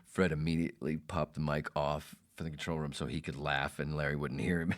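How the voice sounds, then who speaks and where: A man's voice: a bass voice, little pitch movement, a little fast. A man hosting a podcast, telling a rambling, profane story in a casual way. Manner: rambling, profane, self-interrupting. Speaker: podcast host.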